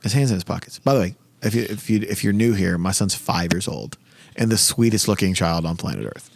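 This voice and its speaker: A man's voice: deep voice, lively intonation, brisk, vocal fry, a little mellow, no room sound. A man in his thirties hosting a podcast, telling stories in a profane, ranting way in casual chat. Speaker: podcast host.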